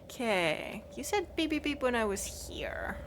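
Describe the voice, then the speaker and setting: Lively chatty woman streamer. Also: a little slow, a little hiss or hum. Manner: chatty, giggly, bursts of high excited squeals. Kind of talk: live game commentary.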